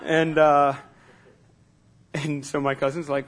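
A man preaching a sermon in a relaxed, conversational way at a church service, repeating words as he starts sentences and asking the congregation questions. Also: on the high side, moderate pace, slight background noise. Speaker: pastor.

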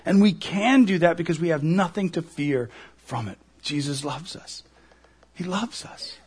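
A man preaching a sermon in a husky voice, animated and repeating himself as he acts out quoted words. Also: on the high side, measured pace. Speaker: pastor.

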